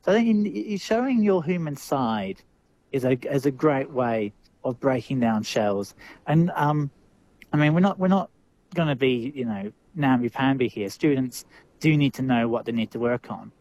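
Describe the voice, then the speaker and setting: A man's voice: medium pitch, expressive, normal speed, a little mellow. A man with an Australian accent, a drama teacher answering interview questions thoughtfully, with lots of fillers and restarts.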